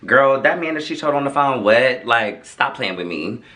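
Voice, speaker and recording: A man's voice: medium pitch, expressive, moderate pace, bright, forceful tone. A man hosting a storytime vlog, telling his story in a sassy, dramatic, chatty way. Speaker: vlogger host. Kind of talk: casual storytime.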